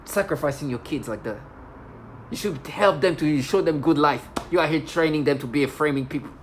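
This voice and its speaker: A woman with a very low voice delivers a rambling, accusatory rant straight to the camera. She sounds agitated and keeps circling back to her complaints, with faint noise in the background. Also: fairly quick. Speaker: video blogger. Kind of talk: angry monologue to camera.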